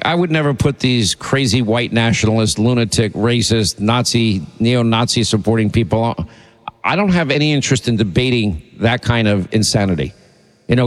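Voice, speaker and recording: Male talk radio host, indignant and rambling, average pitch, reverberant sound. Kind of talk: opinionated talk radio monologue.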